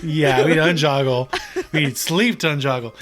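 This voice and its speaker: A man's voice: fairly high pitch, brisk, a bit bright, faint music behind. A young man co-hosting a podcast in casual, rambling, giggly banter. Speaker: podcast co-host. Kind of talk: casual chat.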